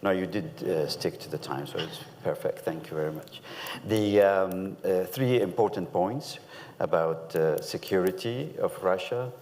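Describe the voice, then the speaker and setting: A man's voice: low voice, unhurried, a little mellow, in a large hall. A man chairing a panel who politely thanks the speaker and hands over the floor. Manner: polite, gracious, hesitant fillers. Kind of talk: moderating a panel.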